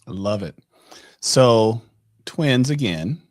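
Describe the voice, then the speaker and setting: A man's voice: mid-range voice, takes it slowly, slight background noise. A middle-aged man hosting a podcast, telling a personal story in a casual, conversational way with lots of fillers. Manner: conversational, many fillers, animated when retelling. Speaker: podcast host.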